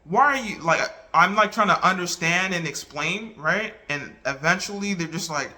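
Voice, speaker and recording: A man talking casually to the camera, recounting a falling-out in an earnest, halting way with many restarts. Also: high voice, sharp tone. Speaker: vlogger.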